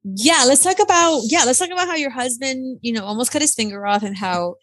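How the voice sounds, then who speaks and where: Woman in her 30s, a bit high-pitched, teasing podcast co-host, dry close mic. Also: a little fast, no echo. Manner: teasing, animated, mixes in Spanish phrases. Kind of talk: casual chat.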